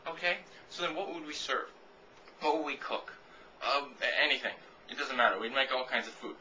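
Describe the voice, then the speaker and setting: A man's voice: medium pitch, a little fast, sharp tone, slight background noise, low-quality recording. A man in his twenties talking casually to camera. He rambles through a comic, sarcastic rant and swears freely. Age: 20s. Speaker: vlogger answering a viewer question.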